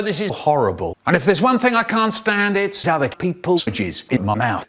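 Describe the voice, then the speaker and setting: A man telling comic stories in a spliced cut-up edit. His voice sits fairly high and swoops a lot as he talks. He performs theatrically, with sudden jumps in his delivery. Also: normal speed. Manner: theatrical, expressive storyteller with sudden vocal jumps. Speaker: storyteller in a spliced comedy edit.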